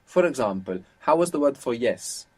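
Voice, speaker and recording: A man's voice: mid-range voice, lively intonation, moderate pace, husky. A man teaching as a language teacher on an audio course, patient and explaining things step by step.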